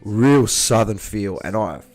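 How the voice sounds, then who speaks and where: A man's voice: fairly low pitch, expressive, slow pace, a little mellow. A man hosting a casual chat, enthusiastic and rambling with many restarts. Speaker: livestream host. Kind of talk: casual interview chat over beers.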